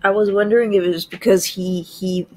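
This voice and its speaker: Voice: mid-range voice, steady tone, a little fast. A co-host of a casual anime review show, laughing often and dropping short wry comments. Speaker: podcast co-host.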